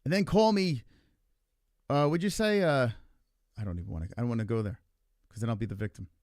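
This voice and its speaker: A man's voice: medium pitch, brisk, a little mellow, no room sound, studio quality. A man hosting a livestream in casual, argumentative chat, swearing freely and rambling with lots of filler words. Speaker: livestream host.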